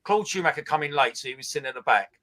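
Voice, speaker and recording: A man, co-hosting a casual chat and telling an animated story. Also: on the high side, racing, crowd noise, poor audio. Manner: animated storytelling, laughing at his own tale. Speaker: co-host.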